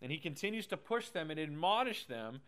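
A man's voice: a little high, very animated, brisk, a bit bright. Chatty man teaching a Bible lesson. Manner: chatty, keeps asking "right?", paraphrases scripture in slang.

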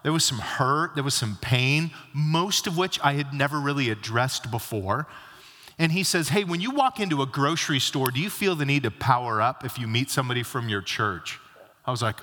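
Middle-aged pastor guy preaching, bright voice, big echoey church hall. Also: mid-range voice, expressive, normal speed. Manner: conversational storytelling, acts out quoted dialogue. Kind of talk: sermon. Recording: long hall reverb.

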